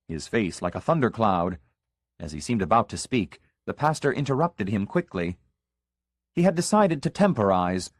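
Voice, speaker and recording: Male audiobook narrator, very lively pitch, dry close sound. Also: no room sound.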